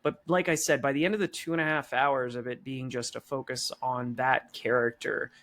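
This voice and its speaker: A man's voice: mid-range voice, fairly even intonation, normal speed, a bit bright. Chatty man co-hosting a podcast. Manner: chatty, hedging, joking. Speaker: podcast co-host. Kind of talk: casual chat.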